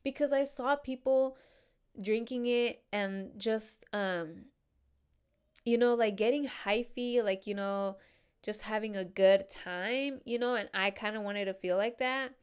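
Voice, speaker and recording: A woman hosts a casual podcast in a smooth, clean-toned voice. She talks loosely and candidly, full of slang, swearing and "dude," and laughs often as she goes. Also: mid-range voice, a little slow. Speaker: podcast host. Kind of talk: casual confessional chat.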